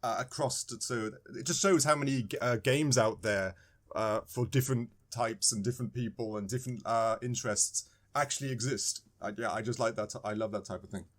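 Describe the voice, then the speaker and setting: A man's voice: medium pitch, moderate pace. Jokey British man co-hosting a podcast. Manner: jokey, chatty, teasing. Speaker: podcast co-host. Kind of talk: casual chat.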